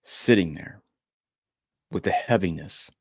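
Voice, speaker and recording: Low-voiced man telling his story earnestly. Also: slow pace, vocal fry, no room sound, clean studio sound. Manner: earnest, emotional storytelling with repetition. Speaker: motivational speaker. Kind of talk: personal story talk.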